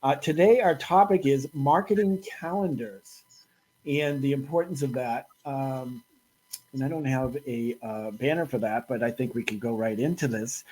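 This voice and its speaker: A man with a Boston accent hosting a casual panel discussion in a relaxed, chatty way. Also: medium pitch, normal speed, low-quality recording. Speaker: host.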